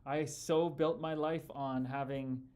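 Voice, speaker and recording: A relaxed man talking loosely to his livestream audience at a middle pitch. He greets viewers like old friends, tossing in dude and brother as he reads their comments aloud. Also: slow. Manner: laid-back and chummy, calls viewers brother and dude. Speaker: livestream host and former hockey player.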